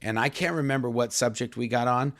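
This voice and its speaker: A man's voice: mid-range voice, a little fast, fairly bright tone. A man co-hosting a casual live podcast Q&A, chatty and talking straight to his viewers. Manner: chatty, reads viewer comments aloud, addresses "folks". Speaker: podcast co-host.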